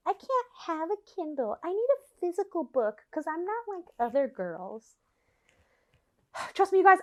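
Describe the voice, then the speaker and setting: Sarcastic woman in her late twenties. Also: on the high side. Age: late 20s. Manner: sarcastic, animated, acts out quotes. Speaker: vlogger. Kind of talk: casual review rant.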